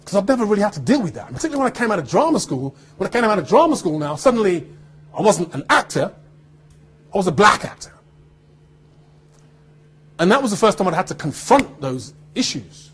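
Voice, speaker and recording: This man, an actor from Birmingham, England, uses a neutral standard British accent as he entertains students with lively anecdotes full of laughter and acted-out quotes. His voice sits high and has a breathy edge.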